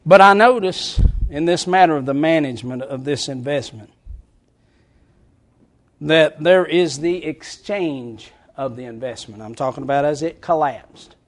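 A man's voice: on the high side, a little slow. A male pastor preaching a sermon in a frank, folksy way, with chuckling asides.

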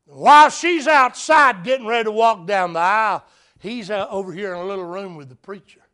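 Male preacher, high voice, storytelling sermon that drops to a hush and climbs to loud appeals. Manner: dramatic swings from hushed to loud.

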